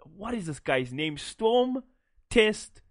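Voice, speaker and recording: A man's voice: high-pitched, very animated, slow pace, no echo, clean studio sound. A man from South Africa co-hosting a casual esports podcast, joking and teasing himself. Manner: joking, self-mocking, swears. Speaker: podcast co-host.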